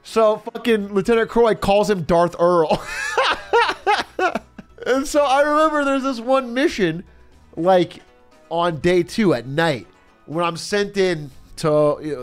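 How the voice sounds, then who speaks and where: A man streamer telling a story in casual chat, animated, laughing often and swearing freely. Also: high-pitched, normal speed, smooth, faint music behind.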